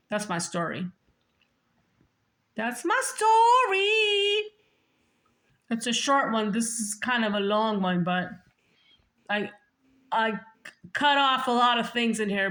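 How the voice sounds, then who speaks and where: A woman's voice: medium pitch, unhurried, sharp tone. A woman vlogger telling her own story in a casual, blunt, profane way, with emphatic repetition and restarts. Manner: repeats and restarts words.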